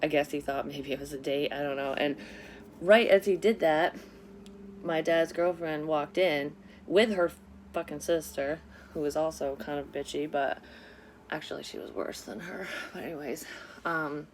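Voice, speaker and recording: A woman casually telling a personal story to camera, candid and animated, with frequent swearing. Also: low voice, moderate pace, a little hiss or hum.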